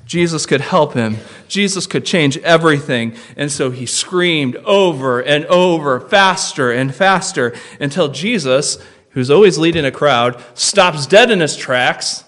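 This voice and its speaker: A man's voice: on the high side, expressive, unhurried. Emphatic man preaching a sermon. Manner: emphatic, repeats key phrases, swings from hushed to loud. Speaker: pastor.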